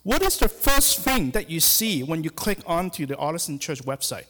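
A man's voice: on the high side, sing-song, normal speed, bright, forceful tone. A middle-aged man, a hospital chaplain giving a sermon in a church, speaking hesitantly with many fillers and restarts. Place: church sanctuary. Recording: long hall reverb.

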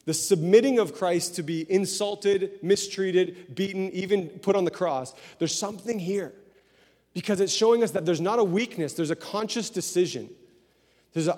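A man preaching a sermon in a lively, conversational way, repeating phrases and laughing as he talks. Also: high voice. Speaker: pastor. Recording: long hall reverb.

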